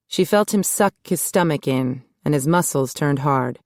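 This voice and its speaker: A woman reading a romance audiobook in a smooth, measured narrating voice. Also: low-pitched, lively intonation, a little mellow, no room sound, clean studio sound. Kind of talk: scripted narration.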